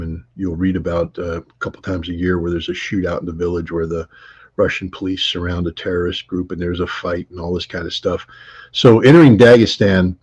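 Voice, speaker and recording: A man telling travel anecdotes in an interview, rambling with many fillers, restarts and laughs, his voice husky. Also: deep voice, a little mellow. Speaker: interview guest. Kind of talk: conversational storytelling. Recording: dull lo-fi audio.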